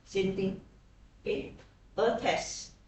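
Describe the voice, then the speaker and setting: A woman's voice: slow, darkish tone. Woman lecturing in an echoey classroom. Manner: checks in with frequent tag questions. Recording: very echoey classroom, distant mic, faint hiss.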